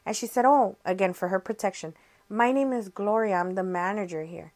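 A young woman hosting a podcast, telling a personal story in a chatty, animated way and acting out the dialogue. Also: medium pitch, brisk. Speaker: podcast host. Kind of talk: casual storytelling.

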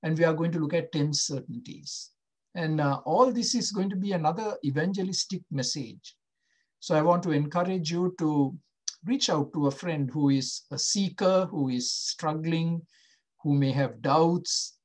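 A male pastor preaching a sermon, slow and emphatic, often asking the listeners questions. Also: a little high.

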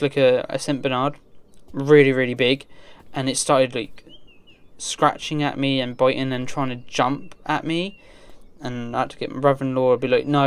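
A man's voice: mid-range voice, clean tone. A young man giving casual gameplay commentary from his desk at home, chatty and easily startled, gasping and sighing as he plays. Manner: chatty, jumpy, gasps and sighs when startled. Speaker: let's play gamer.

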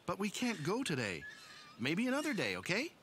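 A man voicing a patient cartoon father who talks softly and reassuringly. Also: high-pitched, huge pitch swings, normal speed, a little hiss or hum, full character voice. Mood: gentle. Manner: soft, patient explaining.

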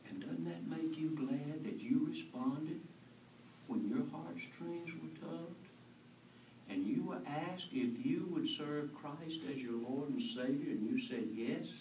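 A man's voice: fairly high pitch, takes it slowly, warm tone, slight background noise. A male pastor preaching an earnest, conversational sermon, asking his congregation questions. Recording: echoey church from far off.

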